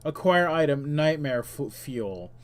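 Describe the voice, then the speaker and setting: A man's voice: on the high side, expressive, measured pace. A man streaming a computer game, reading its text aloud between offhand remarks, with frequent "uh"s and self-corrections. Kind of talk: casual let's-play commentary.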